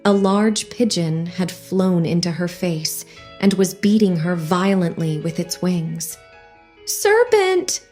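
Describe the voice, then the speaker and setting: A woman narrating an audiobook in a measured storytelling manner. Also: on the low side, steady tone, a little mellow, soft background music. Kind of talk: scripted narration.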